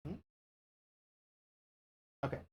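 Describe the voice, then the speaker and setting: Speaking extremely slowly in a warm tone, a man offers casual commentary while streaming a game. He chats with viewers, swears, laughs, and coos at his cat.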